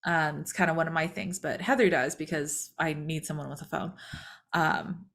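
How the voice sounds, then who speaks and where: A chatty woman co-hosting a podcast, telling a story in a relaxed and conversational way. Her voice sits lower than most women's. She slips into the voices of the people she quotes. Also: moderate pace. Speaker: podcast co-host. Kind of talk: casual storytelling chat.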